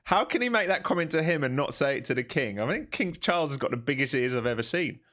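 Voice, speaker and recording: An Englishman live-streams his futures trading, chatting casually and laughing often as he tosses quick jokes between calls on price levels and charts. His voice is medium-pitched, animated and a bit bright.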